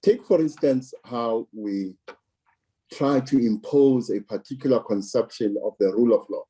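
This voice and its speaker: A man from South Africa giving measured political commentary, deliberate and emphatic, repeating words for stress. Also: medium pitch, mellow, husky.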